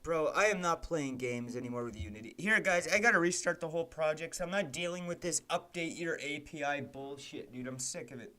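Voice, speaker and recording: Bright-voiced, swearing game-dev streamer man. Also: fairly high pitch, animated, normal speed. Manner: frustrated, profane ranting; mutters code terms while typing. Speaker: game developer streaming live. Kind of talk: casual live-stream commentary while coding.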